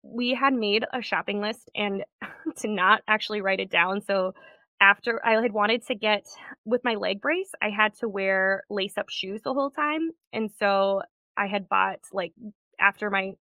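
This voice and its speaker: Young woman guest, bright, dry-sounding voice, chatty storyteller. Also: mid-range voice, measured pace, no echo, dull audio. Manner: chatty storytelling with frequent laughs. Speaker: podcast guest. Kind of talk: casual chat.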